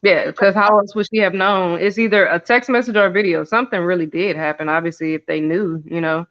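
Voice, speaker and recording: A man with a high, smooth, resonant voice talks through a TV recap at an easy, thoughtful pace. He hedges often and pauses on "um" before giving his view. The audio is slightly dull and lo-fi. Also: a bit bright. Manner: thoughtful and hedging, many "um"s and "I don't know"s. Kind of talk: casual recap chat.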